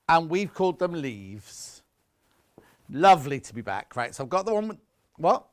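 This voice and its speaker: A man's voice: on the high side, very animated, moderate pace, long pauses. A man presenting fabrics on a live shopping channel, chatty and jokey as he teases the crew.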